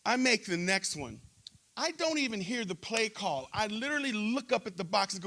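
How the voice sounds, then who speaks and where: A middle-aged man, a pastor, telling a story in a church interview and acting out shouting crowds. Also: sits high, measured pace, creaky, long pauses. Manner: animated storyteller, acts out crowd chants.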